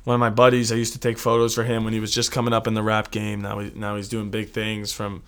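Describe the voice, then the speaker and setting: A man's voice: fairly low pitch, completely flat delivery, quick pace, a bit bright, clear, resonant tone. A man from the United States co-hosting a casual sports talk show, earnest and reflective, often repeating words. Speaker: sports podcast co-host.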